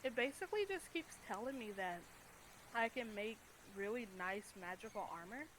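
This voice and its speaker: A woman's voice: fairly high pitch, expressive, moderate pace, a bit bright, a little hiss or hum, rough recording. A woman playing in a tabletop game, talking in a rambling, playful way with many fillers. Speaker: player. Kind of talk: casual tabletop play.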